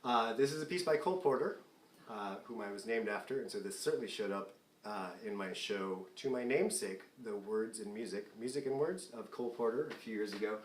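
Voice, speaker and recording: Away from the stage, a singer in his forties runs a remote fundraising concert, making casual, self-deprecating chat between songs with plenty of laughter. His fairly low voice moves a little fast, and the audio is reverberant with slight background noise.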